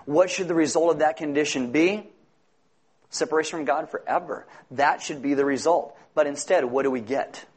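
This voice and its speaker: A man's voice: fairly high pitch, normal speed, husky. A man preaching a sermon, earnest and emphatic, quoting scripture as a pastor.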